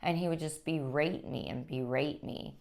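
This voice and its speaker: Low-voiced woman giving earnest testimony. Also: vocal fry, darkish tone. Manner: earnest, halting, with frequent restarts. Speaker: guest sharing her life story. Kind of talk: personal testimony.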